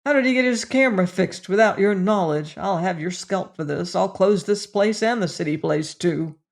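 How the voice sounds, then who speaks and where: A man's voice: high-pitched, moderate pace, lightly acted. Blustering, enraged tycoon, older man, roaring orders, put on by a male reader. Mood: furious. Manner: roaring, furious, commanding.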